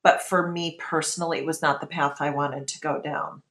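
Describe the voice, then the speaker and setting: A woman's voice: low voice, steady tone, a little fast, a bit bright, echoey room. A woman in her thirties telling her own story in an interview, candid and emotional, often acting out what she thought at the time. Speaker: guest.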